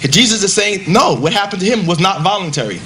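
A man stands up to rebut his opponent, talking in an emphatic, conversational way and firing off rhetorical questions. His voice sits high for a man. A faint noise runs underneath. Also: expressive, fast, bright, forceful tone. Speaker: debater. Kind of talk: debate rebuttal.

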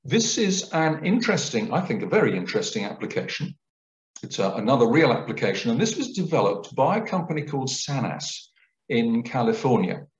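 Male lecturer, lively explanatory delivery, echoey lecture-room recording. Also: medium pitch, fairly quick. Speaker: guest lecturer. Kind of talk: public lecture. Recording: roomy, dull lecture recording.

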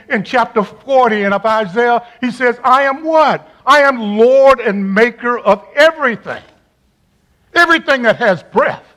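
An older man delivers a chapel sermon in a notably high voice. He hammers points home by repeating them, then drops low and close as if speaking to one listener. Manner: emphatic preacher who repeats key phrases and drops to a quiet, intimate tone. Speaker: retired campus minister preaching at a university chapel.

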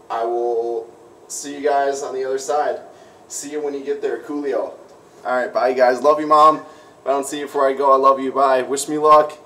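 A man's voice: medium pitch, bright, forceful tone, recorded from a distance, a little hiss or hum. Chatty young Minnesotan guy. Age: young adult. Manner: upbeat, chatty, lots of "like" and "you know". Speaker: vlogger. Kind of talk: casual selfie vlog. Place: bathroom with shower. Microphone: phone or tablet camera. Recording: echoey room, voice off-mic.

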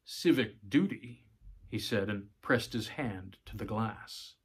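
A man's voice: fairly low pitch, fairly even intonation, slow, a bit bright, slightly rough. A man narrating a short story, reading with occasional small stumbles and giving the characters' lines a livelier delivery. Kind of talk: audiobook-style story reading.

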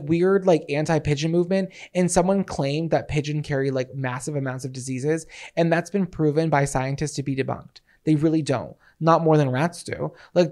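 A man co-hosting a podcast in casual chat, telling stories in an excitable, rambling, mock-dramatic way. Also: on the high side. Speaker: podcast co-host.

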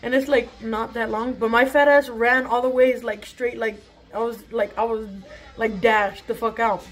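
A woman's voice: on the high side, steady tone, normal speed, rough recording. A young woman tells a casual storytime vlog, chatty and swearing freely. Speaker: vlogger.

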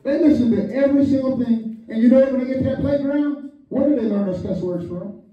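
Male pastor, animated sermon, heard from a distance, muffled. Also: very high-pitched, fairly quick. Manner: animated, calls on the congregation, acts out quotes. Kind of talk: lively storytelling sermon. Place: church hall, echoey. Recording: echoey church hall from far off, muffled.

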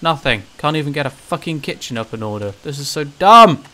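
A man commentating his own gameplay, ranting and swearing with sudden shouted outbursts. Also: on the high side, animated, fairly quick. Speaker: gaming channel host. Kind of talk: let's play commentary.

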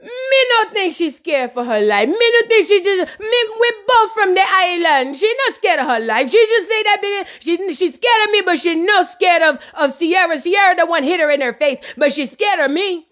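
A touchy dancehall queen who keeps insisting on her innocence in a heavy Jamaican patois, as a woman puts her on. The voice sits high and pleading. She talks in broken repeated phrases. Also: lively intonation, moderate pace, hardly any pauses, fairly bright tone. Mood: upset, whiny. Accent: put-on Jamaican patois. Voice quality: broken "me no" speech, repetitive. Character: tearful defensive woman, dancehall singer.

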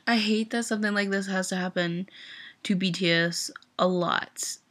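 A young fan vlogger, upset and teary, rants emotionally, using "like" constantly. Her medium-pitched voice is fairly bright, barely shifts in pitch, and keeps a measured pace.

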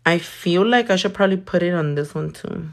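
Brassy woman in her thirties, lower pitch, salty livestream banter. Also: a little fast. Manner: sassy, swears a lot, mixes in Spanish. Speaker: nail artist livestreaming. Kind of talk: casual livestream chat while working.

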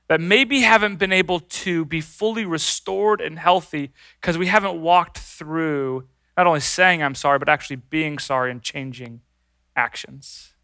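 A male pastor preaching a sermon, telling stories with animated, acted-out voices. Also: fairly high pitch, no room sound, clean studio sound. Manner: animated storytelling, acts out voices.

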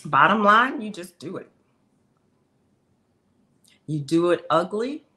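Emphatic woman coach, bright voice. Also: fairly low pitch, lively intonation, takes it slowly. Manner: emphatic, conversational, addresses viewers directly. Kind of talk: motivational casual talk.

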